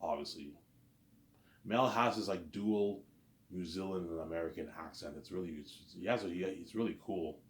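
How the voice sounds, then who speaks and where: Man, very low voice, rambling casual monologue, repeats himself, echoey room. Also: moderate pace. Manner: rambling and repetitive, restarts phrases. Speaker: vlogger.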